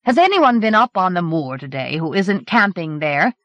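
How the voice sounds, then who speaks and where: A woman's voice: on the low side, big pitch swings, moderate pace, fairly bright tone, no echo. A woman reading the lines of a stern male headmaster in a cold, threatening tone, from a dull 1980s cassette recording. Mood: icy threat. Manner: cold, clipped delivery.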